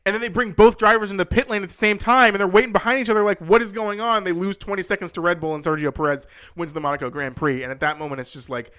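A man's voice: high voice, fairly even intonation, racing, few pauses, sharp tone. A young man talking through a motorsport season in a loose, rambling way, full of restarts and "you know", rising in disbelief as he goes. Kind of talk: casual motorsport commentary.

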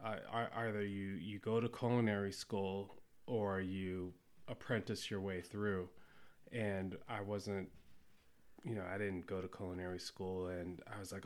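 A man in his forties, a chef and podcast guest, telling stories in a relaxed way with lots of fillers. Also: low voice, measured pace. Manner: relaxed storytelling with many fillers. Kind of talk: casual conversation.

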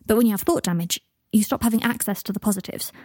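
Casual, blunt young wizard, mellow and dry, voiced by a woman. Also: medium pitch, fast talker, dry recording, close to an everyday voice. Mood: explaining. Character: young adult male wizard, blunt and matter-of-fact.

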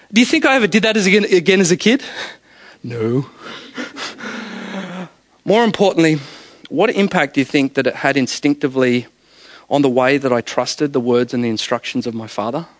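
High-voiced storytelling preacher. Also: male voice, no room sound. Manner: storytelling, conversational, laughs often. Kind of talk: evening sermon.

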